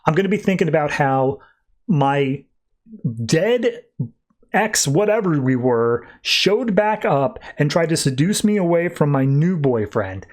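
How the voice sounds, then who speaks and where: A man's voice: a little high, very animated, measured pace. Man reading a blunt, irritated young heroine, kept casual. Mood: exasperated. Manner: casual paraphrase, near his own voice.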